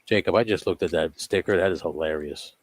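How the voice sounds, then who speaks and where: A man's voice: low voice, fairly quick, dry recording. A man co-hosting a live stream, reading chat questions aloud in loose, joking banter and swearing freely.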